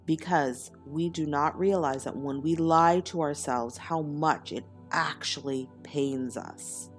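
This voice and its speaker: Woman, deep for her sex, confessional spiritual storyteller, soft music bed. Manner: earnest and confessional, laughs often. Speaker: spiritual teacher. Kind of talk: personal storytelling monologue.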